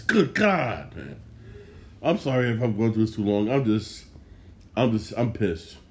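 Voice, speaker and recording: A man's voice: fairly low pitch, a little mellow. A man hosting a sports podcast, ranting in a frustrated, heated way, cursing and repeating himself. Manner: profane. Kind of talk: casual sports rant.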